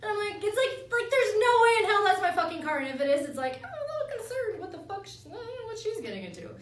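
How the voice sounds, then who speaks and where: A high-voiced woman teases her co-host and tells stories with lively energy, swearing often. She sits a bit back from the mic, and the room adds a clear echo. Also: fast, recorded from a distance. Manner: teasing, animated storytelling, lots of swearing. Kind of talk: casual banter.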